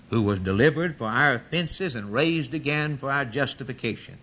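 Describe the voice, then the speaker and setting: A man's voice: mid-range voice, lively intonation, normal speed, a bit bright. A man preaching a sermon, emphatic and dramatic, repeating key lines for effect.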